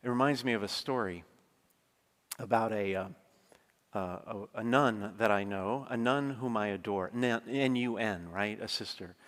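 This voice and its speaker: A man's voice: fairly low pitch, normal speed, fairly bright tone. A man giving a conversational sermon, telling stories and often checking in with his listeners with asides. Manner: conversational storytelling, frequent asides to the congregation. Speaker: preacher. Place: large church. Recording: long church reverb.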